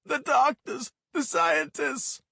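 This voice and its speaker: A man voicing a hysterical, drugged-up teenage boy who shouts and sobs in panic. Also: steady tone, slow pace, gravelly, dry recording, heavily acted. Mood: panicked. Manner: shrill, sobbing, frantic shouting.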